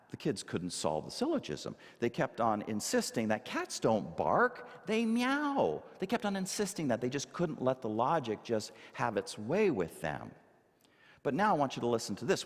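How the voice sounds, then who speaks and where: A male minister preaching a sermon to a congregation, emphatic and animated, asking rhetorical questions. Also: medium pitch. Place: church sanctuary. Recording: long hall reverb.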